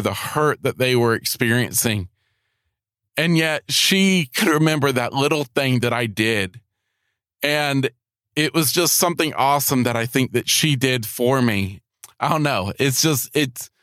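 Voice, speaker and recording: A man hosting a podcast, telling a heartfelt personal faith testimony in a halting way, often repeating his words. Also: mid-range voice, fairly bright tone, dry recording, clean studio sound. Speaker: podcast host.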